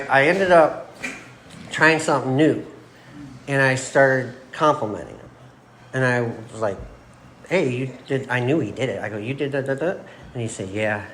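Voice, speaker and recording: A middle-aged man from Michigan shares his recovery story at an AA meeting. His talk is loose and casual, and he laughs at himself as he goes. His pitch sits in the middle range, with a faint background noise in the recording. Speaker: AA meeting speaker. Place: meeting room.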